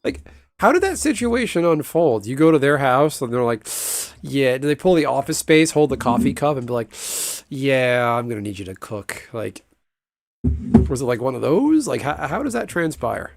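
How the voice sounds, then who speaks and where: A man's voice: on the high side, big pitch swings, fairly quick, vocal fry, no room sound. A man streaming a game and chatting casually, rambling, swearing freely and laughing often. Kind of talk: casual chat while gaming.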